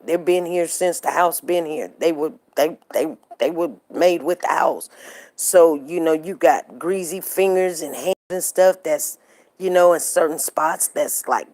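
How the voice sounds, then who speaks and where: A woman's voice: low-pitched, measured pace, darkish tone. A middle-aged woman hosting a live show, chatting casually and telling stories straight to her viewers. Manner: chatty, storytelling, addresses viewers directly.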